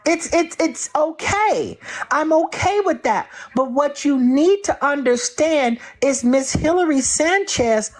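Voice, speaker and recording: Slow-talking woman hosting a live stream. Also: high-pitched, lively intonation, low-quality recording. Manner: sassy, drawn-out gossip talk. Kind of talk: casual live stream chat.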